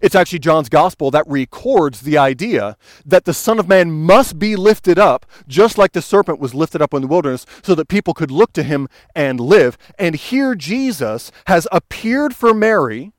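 A man with a fairly high pitch and lively intonation preaches a sermon at a normal speed with no echo. His manner is earnest and pastoral, rising to fervent emphasis whenever he quotes.

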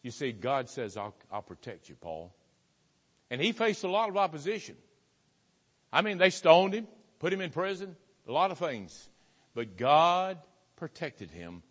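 Folksy pastor telling a story in a church. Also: male voice, a little high, normal speed, slightly rough. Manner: folksy, animated storytelling with wide swings in loudness. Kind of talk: sermon with storytelling. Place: church sanctuary. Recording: hall reverb.

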